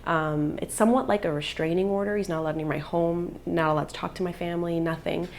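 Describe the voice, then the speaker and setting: A woman's voice: fairly low pitch, steady tone, fast talker, a little hiss or hum. A woman in her thirties, a vlogger and mother, telling a personal story in an earnest, emotional way.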